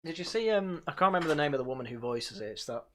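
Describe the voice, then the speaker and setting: A man's voice: fairly high pitch, lively intonation, racing, pushed and bright, a little hiss or hum. A man hosting a casual review stream, talking sarcastically with lots of fillers and sighs. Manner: sarcastic, frequent fillers and sighs, mocks by quoting. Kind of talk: casual sardonic review chat.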